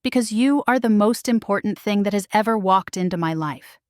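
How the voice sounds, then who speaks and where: A woman reading a romance audiobook voices a powerful male werewolf alpha, speaking quietly and firmly. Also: brisk, no echo, studio quality, natural voice. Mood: tender. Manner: low, quiet, firm delivery. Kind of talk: scripted story narration.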